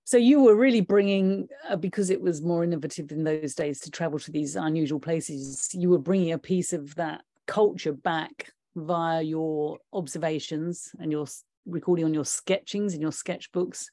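A woman with a lowish, mellow voice interviews an old acquaintance, nudging him with shared memories and light laughter. Her sound is dry and close. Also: moderate pace, dry recording. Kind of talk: conversational interview.

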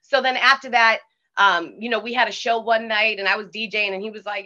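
A woman with a Boston accent, a DJ telling stories in a casual interview, animated and swearing freely. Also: medium pitch, fast talker, highs cut off. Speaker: DJ guest.

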